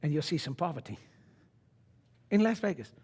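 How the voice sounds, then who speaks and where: A man's voice: expressive, normal speed, husky. Brash older man rousing a seminar crowd. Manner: brash, swings from low asides to loud exhortation. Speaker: seminar speaker. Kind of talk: motivational seminar talk. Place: conference room before an audience.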